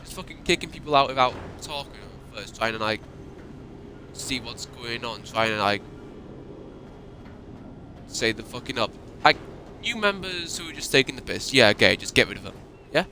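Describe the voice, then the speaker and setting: A man's voice: mid-range voice, expressive, moderate pace, long pauses, bright, forceful tone, slight background noise. A man ranting in an upset, emotional way and swearing often, as a YouTuber talking to his viewers. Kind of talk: ranting monologue.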